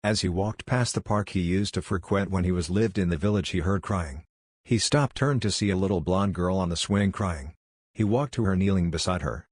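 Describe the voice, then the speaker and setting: A man narrating a fan story aloud with a plain, even delivery. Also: sits low, moderate pace, breathy edge, dry recording, studio quality.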